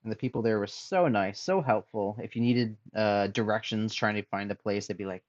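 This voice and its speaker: A man chatting casually on a drawing stream, musing aloud softly as he sketches. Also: lowish voice, a little fast, no echo, lo-fi sound. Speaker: streamer and artist. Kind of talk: casual chat while drawing.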